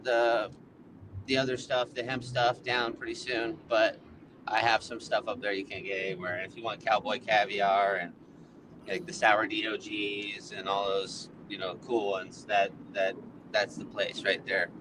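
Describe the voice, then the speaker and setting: A man's voice: on the low side, level tone, measured pace, background noise. A man guest on a phone call from his car while driving, chatting loosely about plants with lots of filler words. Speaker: seed breeder guest. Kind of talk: casual interview chat.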